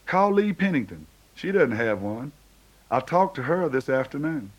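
A man's voice: medium pitch, sing-song, moderate pace, pitched above the performer's own voice. A man voicing an easygoing, teasing friend who coaxes with a chuckle. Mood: coaxing. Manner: chuckling, coaxing.

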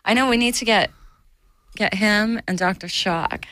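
A woman's voice: medium pitch, unhurried, a bit bright, no echo. A woman co-hosting in casual chat, teasing her partner and laughing often. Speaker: co-host. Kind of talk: casual joking commentary.

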